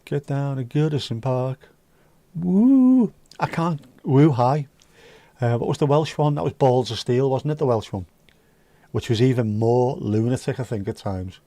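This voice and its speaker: A man's voice: mid-range voice, normal speed, mellow, dry recording. A man hosting a casual livestream, chatting with viewers in sweary, joking banter. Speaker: livestream host reading chat. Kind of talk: casual chat.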